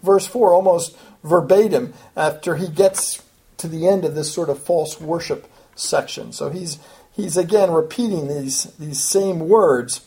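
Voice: unhurried, dark tone. Preacher, expository sermon, earnest, emphatic, repeats and restarts phrases. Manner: earnest, emphatic, rises in pitch and volume when stressing a point; talks in repeating, back-and-forth phrases with small restarts. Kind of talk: expository Bible teaching.

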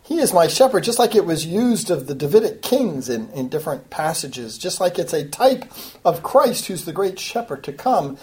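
A woman with a slightly low voice teaches a Bible study, working verse by verse through the text. She explains patiently and earnestly, and her delivery rises to emphatic urging when she applies the lesson. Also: big pitch swings, normal speed, dark tone, a little hiss or hum.

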